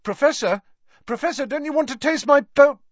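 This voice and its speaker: A man's voice: lowish voice, huge pitch swings, measured pace, pushed and bright, dry recording, full character voice. A man voicing an earnest, determined teenage schoolboy in a storybook reading. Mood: urgent. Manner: earnest, sometimes urgent. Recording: dull lo-fi recording.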